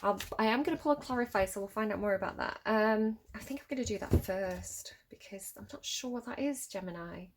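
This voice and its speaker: A woman's voice: mid-range voice, a little fast, hardly any pauses, noisy background. Chatty woman giving a tarot reading. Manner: chatty, laughing often, addressing the viewer directly. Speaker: tarot reader. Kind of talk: casual spoken tarot reading.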